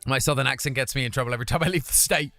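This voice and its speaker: A man's voice: medium pitch, very fast, sharp tone, faint music behind. A young British man chatting casually on his live stream, reading viewer comments aloud and answering them. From United Kingdom.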